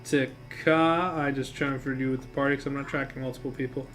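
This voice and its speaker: A man's voice: mid-range voice, fairly even intonation, a little fast, a bit bright, soft background music. A man acting as game master who recaps and narrates a tabletop game on a stream in a casual, rambling way, swearing freely and correcting himself as he goes.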